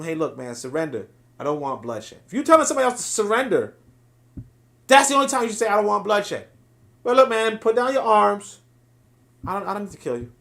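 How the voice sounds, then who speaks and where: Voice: medium pitch, a bit bright. A commentator reacting to a played clip in a blunt, profane and sarcastic way.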